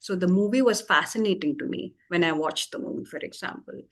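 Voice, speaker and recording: A woman tutor patiently explaining English vocabulary with everyday examples, pausing often with fillers. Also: fairly low pitch, fairly bright tone.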